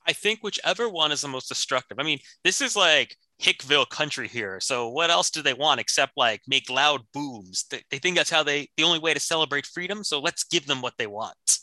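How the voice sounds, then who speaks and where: Improv: male actor as a scheming, earnest clerk, bright voice. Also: a little high, lively intonation, a little fast, few pauses, dry recording, poor audio. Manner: earnest, scheming, stammering when nervous. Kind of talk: improv comedy scene.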